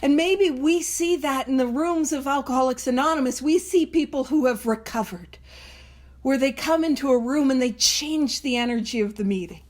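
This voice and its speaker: A woman's voice: high voice, moderate pace, a little mellow. A woman hosting a recovery reading study in a casual, earnest way, laughing often and acting out inner voices. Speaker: podcast host leading a Big Book study.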